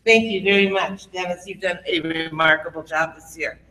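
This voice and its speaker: A man chairing a convention session, thanking speakers and introducing the next one with brisk remarks. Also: sits high, steady tone, noisy background. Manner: brisk interjections. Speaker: convention commander presiding. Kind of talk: chairing a meeting. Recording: echoey convention hall.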